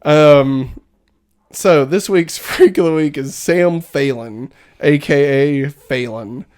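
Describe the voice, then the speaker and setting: A podcast co-host with a deep, slightly mellow voice speaks slowly in casual conversation. She's giggly and laughs often as she talks.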